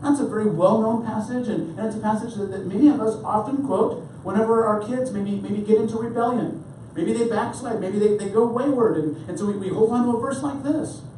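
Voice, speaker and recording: A male pastor preaching a sermon in an animated, repetitive way. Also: high-pitched, brisk, a little hiss or hum. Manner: animated, repeats words when starting phrases. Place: church sanctuary. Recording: echoey hall, mic far off.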